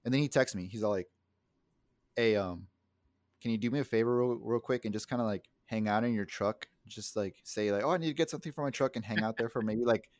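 A man's voice: lowish voice, fast talker, no room sound, studio quality. A young man co-hosting a podcast, telling a rambling, profane story with lots of acted-out quotes in casual chat. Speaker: podcast co-host.

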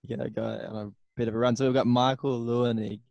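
A man's voice: medium pitch, level tone, a little fast, vocal fry, darkish tone, no echo, muffled recording. A man co-hosting a podcast in casual chat, chiming in with teasing interjections.

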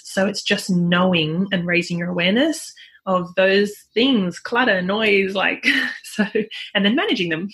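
A woman, a parenting coach speaking in a relaxed interview, chatty and laughing often. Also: medium pitch, a little slow. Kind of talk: conversational interview.

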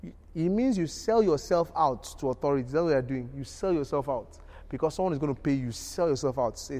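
A man preaching a sermon, often asking "you understand?" and building from quiet storytelling to loud, emphatic peaks. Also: medium pitch, brisk.

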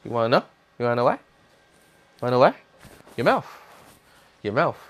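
A man's voice: medium pitch, sing-song, fairly quick. A man delivering a heated, profane opinion rant as a commentator, blunt and swearing constantly.

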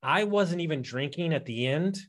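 A man's voice: on the high side, expressive, moderate pace. A man hosting a podcast, chatting casually and retelling a personal story with lots of restarts and asides. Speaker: podcast host. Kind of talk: casual interview chat.

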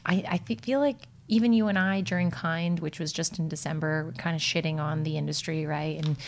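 A woman co-hosting a casual podcast, talking in a relaxed, reflective way with fillers. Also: deep voice, fairly quick, creaky. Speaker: podcast co-host. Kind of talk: casual chat.

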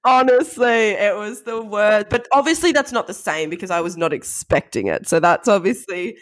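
A woman's voice: medium pitch, animated, normal speed. Blunt, swearing woman. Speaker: podcast co-host. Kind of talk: casual chat.

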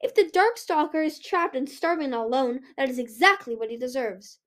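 A woman's voice: sits high, fairly quick, pitched above the performer's own voice, close to an everyday voice. Blunt young male dragon for a storybook, read by a woman.

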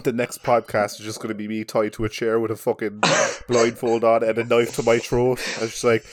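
A man's voice: medium pitch, completely flat delivery, a little fast. A young man with an Irish accent co-hosting a podcast from his bedroom, joking crudely and laughing often into his mic. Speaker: podcast co-host. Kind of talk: casual chat. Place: bedroom at home.

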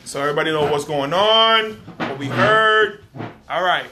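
Man, podcast host, high voice, blunt, profane, casual chat. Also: lively intonation, moderate pace, background noise.

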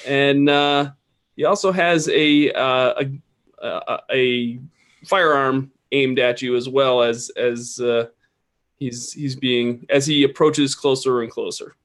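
A man narrating as game master of a tabletop game, halting, with many fillers and restarts. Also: medium pitch, steady tone, a bit bright.

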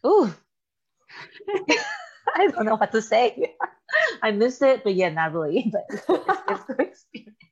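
A woman's voice: fairly high pitch, unhurried, long pauses, husky, highs cut off. A middle-aged woman hosting a casual faith talk, telling stories with lots of laughter. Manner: animated storytelling, laughs often.

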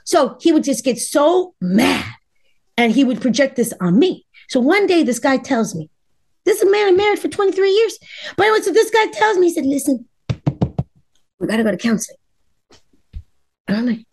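Guesting on a podcast, a middle-aged Los Angeles dating coach of Cuban heritage acts out others' words emphatically, repeating herself for effect. Her voice sits high and sing-song, and she talks fairly quickly.

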